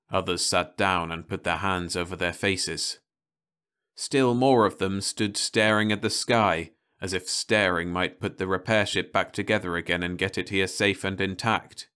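A man calmly reading a science fiction short story aloud as an audiobook narrator. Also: sits low, clean tone.

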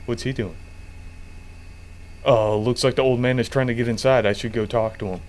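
A man's voice: medium pitch, steady tone, moderate pace, a little mellow. A man playing a game and commenting in a sarcastic, joking way, with casual swearing. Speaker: gamer.

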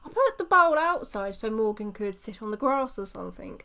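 A woman's voice: a little high, very animated, normal speed, gravelly, bright, forceful tone. A woman casually commenting on her game in a rambling, chatty way. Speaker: let's play host.

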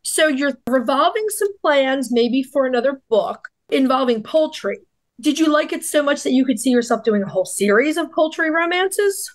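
Co-host, woman, high voice, teasing interviewer in casual chat. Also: lively intonation, normal speed. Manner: teasing, asks questions. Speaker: podcast co-host.

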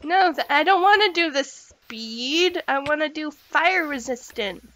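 High bright giggly woman gamer. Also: unhurried, low-quality recording. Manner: excitable and giggly, exclaims at the game. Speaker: gaming channel host. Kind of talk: casual gameplay chat.

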